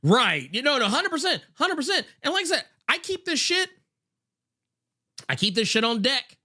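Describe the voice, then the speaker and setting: A man's voice: very high voice, sing-song, normal speed, sharp tone. A man co-hosting a podcast over a video call, agreeing emphatically in casual chat with many stammered restarts. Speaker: podcast co-host.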